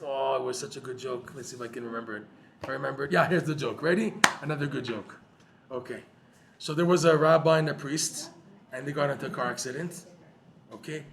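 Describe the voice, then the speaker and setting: Man, lively Torah class, slightly high voice, faint background noise, jokey. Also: creaky. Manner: animated, jokey, uses Hebrew terms. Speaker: Torah teacher. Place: room with a live audience.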